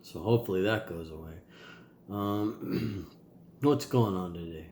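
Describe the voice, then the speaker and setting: A man's voice: low voice, a little slow, a little mellow, reverberant, slight background noise. A man with a nasal voice, a tired and sore father talking casually to his kids in a rambling video diary. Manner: rambling, loose, with many ums and sighs.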